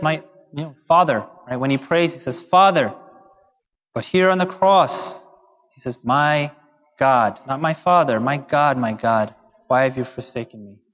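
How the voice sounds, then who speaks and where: Pastor, male, slightly higher voice, earnest conversational sermon, muffled recording in a reverberant hall. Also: moderate pace. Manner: earnest, conversational preaching with fillers. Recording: dull sound in a long-echo hall.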